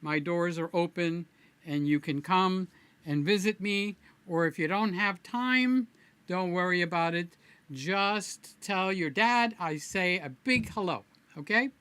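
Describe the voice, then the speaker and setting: A man's voice: high voice, unhurried, fairly bright tone, smooth, no room sound. A man hosting his own live stream, chatting casually and playfully with viewers by name in a rambling way. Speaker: livestream host.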